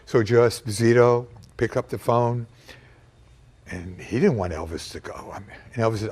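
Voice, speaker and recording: Man, husky voice, emotional storyteller with halting restarts, average pitch. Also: a little mellow. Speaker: interviewee recounting a personal memory. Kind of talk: personal storytelling.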